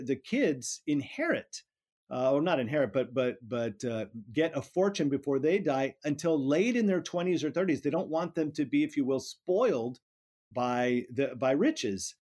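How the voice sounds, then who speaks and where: A man's voice: fairly high pitch, expressive, unhurried, darkish tone. A middle-aged man, a politics professor, talking through ideas in an interview, often restarting and repeating words as he thinks. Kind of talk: academic interview conversation.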